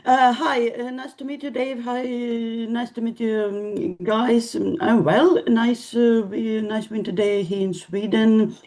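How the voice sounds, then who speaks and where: A woman with a Russian accent, an English student on a video call, speaking hesitantly and warmly with many fillers. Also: fairly high pitch, fairly even intonation, unhurried, hardly any pauses.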